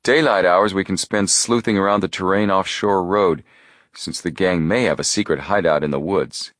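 A man voicing a calm, methodical teenage detective boy who explains his reasoning in a measured way. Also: low voice, no echo, clean studio sound.

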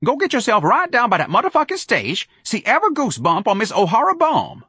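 A man's voice: very high voice, wildly swooping pitch, a little fast, pushed and bright, breathy edge, dry recording, studio quality, pitched above the performer's own voice, full character voice. A man doing a streetwise club barker. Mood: hustling. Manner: coaxing, salesy, profane. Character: hustling male nightclub doorman, streetwise and crude.

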